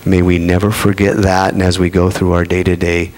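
A man's voice: deep voice, completely flat delivery, fairly quick, a little mellow, slight background noise. A man preaching a sermon in a conversational way, with playful asides to his congregation. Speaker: pastor.

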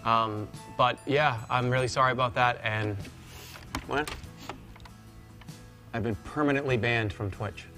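A man's voice: medium pitch, fairly even intonation, measured pace, pauses often, over music. A man streaming a game, rambling through jokey mock apologies to his chat. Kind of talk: casual live-stream commentary.

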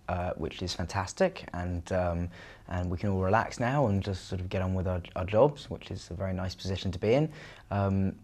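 Young male diarist, lowish voice, easygoing and hesitant, close mic. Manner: relaxed, halting, many fillers. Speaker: video diarist. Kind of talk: video diary. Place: theatre dressing room.

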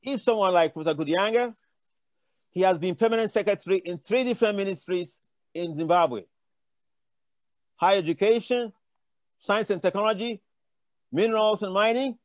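A man's voice: high voice, moderate pace, long pauses, no room sound. An older man from Africa speaking on a conference panel, telling impassioned, rambling stories with frequent restarts. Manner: impassioned, digressive storytelling with many restarts.

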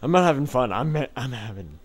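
A man's voice: medium pitch, sing-song, a little fast, husky. A man giving let's play commentary on a card game, trash-talking his opponent with mock anger and frequent laughs.

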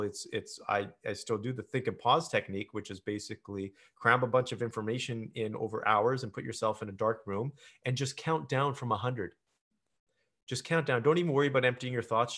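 Guy on a podcast, earnest, talking straight to listeners, mid-pitch voice. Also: a bit bright. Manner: earnest, advising listeners directly. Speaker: podcast host. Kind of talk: casual podcast conversation.

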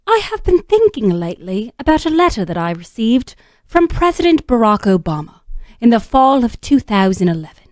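A woman's voice: a little high, big pitch swings, moderate pace, darkish tone, no room sound, clean studio sound. A woman putting on a snooty British lady writer. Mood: prim, haughty. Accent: put-on British. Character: snooty British woman writer reading her own essay. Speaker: radio co-host. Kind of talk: dramatic reading.

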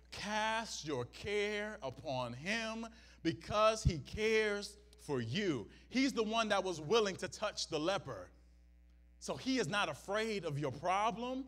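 A man's voice: high voice, a bit bright. A male pastor preaching a sermon, repeating his points for emphasis and checking in with the congregation. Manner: preaching with emphatic repetition and "Amen?" asides to the congregation.

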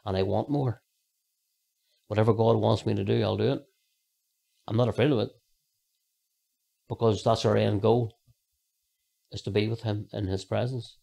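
A man's voice: fairly low pitch, steady tone, moderate pace, vocal fry, pauses often, mellow. A man giving a personal faith testimony as a podcast guest, rambling earnestly with many fillers. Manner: earnest storytelling.

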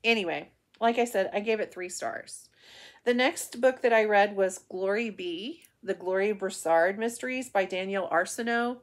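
A woman from the Ozarks talks through her monthly reads in a casual book review vlog at home. She rambles, circles back and restarts her sentences. Her voice sits at a middle pitch. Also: moderate pace. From Ozarks region of the United States. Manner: chatty, rambling, with frequent restarts and fillers.

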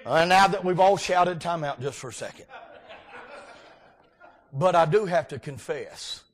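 A man preaching a folksy revival sermon as a guest preacher, often breaking into shouts. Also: fairly high pitch, measured pace. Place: church sanctuary.

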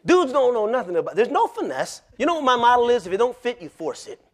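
A male pastor preaching a sermon in a folksy, plain-spoken way, telling animated stories with frequent laughter. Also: very high-pitched, fast.

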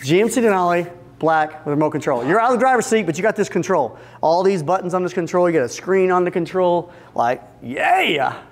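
Man, high voice, upbeat seminar speaker, joking and talking straight to the audience. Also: fairly quick. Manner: energetic, joking, addresses the audience directly and acts out little scenes. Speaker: seminar speaker for fence company owners. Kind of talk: business seminar talk. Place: retreat event room with a live audience.

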